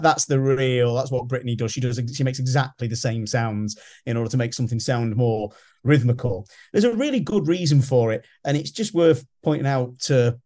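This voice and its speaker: A man's voice: mid-range voice, mellow. A British man co-hosting a music podcast, talking casually with restarts and the odd sung snippet. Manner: rambling, restarts, sings snippets. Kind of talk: casual chat.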